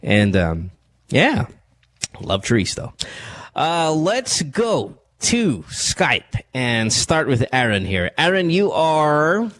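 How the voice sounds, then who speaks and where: A man's voice: fairly high pitch, very animated, slow pace, fairly bright tone, slight background noise. A man hosting a late-night call-in podcast, talking bluntly and laughing often. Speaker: radio podcast host.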